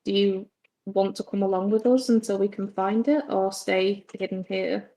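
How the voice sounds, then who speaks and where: A woman voicing her gentle young female adventurer, speaking softly and coaxingly in character during a tabletop game. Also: mid-range voice, fairly even intonation, moderate pace, natural voice, low-quality recording.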